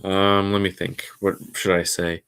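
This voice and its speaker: A man hosting his own podcast stream, rambling along casually in a low-key, somewhat mumbly way. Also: level tone, measured pace, a bit bright, smooth. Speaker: podcast host. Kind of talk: casual solo livestream chat.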